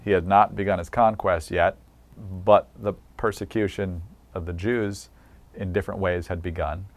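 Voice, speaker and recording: Interviewer guy, a bit low-pitched, asks follow-ups and sums things up. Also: fairly even intonation, moderate pace, no echo. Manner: prompting, summarizing the answers. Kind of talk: oral history interview.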